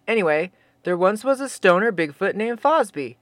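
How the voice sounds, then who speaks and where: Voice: medium pitch, lively intonation, moderate pace, dry recording. Wry storyteller, dry close sound. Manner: wry, teasing asides to the listener. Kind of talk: casual story narration with asides.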